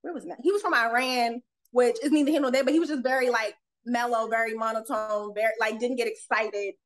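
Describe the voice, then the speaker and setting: Woman, young adult, high pitch, animated storyteller, frequent laughter, casual podcast guest. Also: a little fast, poor audio. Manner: animated, laughs often, acts out dialogue. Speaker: autopsy technician guest.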